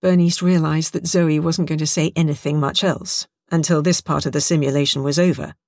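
A woman narrating an audiobook in a lively, expressive storytelling manner. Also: low-pitched, a little fast, no echo, studio quality.

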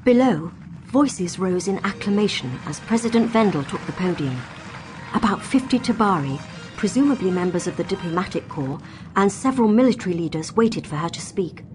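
A woman with a natural, mid-range voice talks a little fast against background music. She narrates an audio drama in first person as a young female companion, afraid but defiant, in an earnest and expressive manner.

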